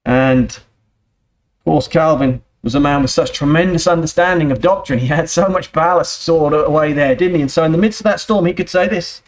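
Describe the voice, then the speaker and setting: A man preaching a sermon in a church, earnest and steady, often turning to the congregation with rhetorical questions. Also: a little high, normal speed. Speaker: pastor.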